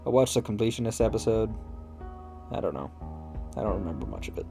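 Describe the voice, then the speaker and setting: A man's voice: fairly low pitch, big pitch swings, quick pace, gravelly, dark tone. A man hosting a casual let's play, reading a visual novel aloud and swearing at his own slips with wry asides. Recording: faint game music behind.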